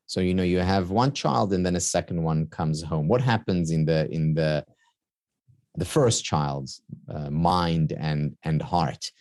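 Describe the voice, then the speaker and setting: A man's voice: low voice, darkish tone, no echo, clean studio sound. A man speaking as an interview guest, thoughtful and hesitant, with many fillers. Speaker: guest author. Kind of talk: conversational interview.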